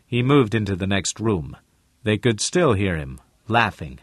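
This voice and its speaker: A lowish-voiced man narrates a novel as an audiobook, his scripted reading measured and steady. The audio is dry, studio quality.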